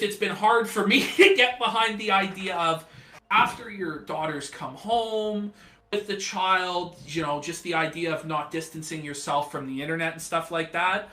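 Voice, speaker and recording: A man hosting an interview asks probing questions and hedges them with fillers. His voice is bright and forceful and sits a little high. The room around him is echoey. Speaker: show host and interviewer. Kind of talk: casual interview talk.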